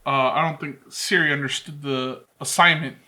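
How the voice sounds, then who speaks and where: A woman's voice: low voice, fairly even intonation, moderate pace, pushed and bright. A woman hosting a reaction video, giving casual, jokey commentary full of sarcastic asides.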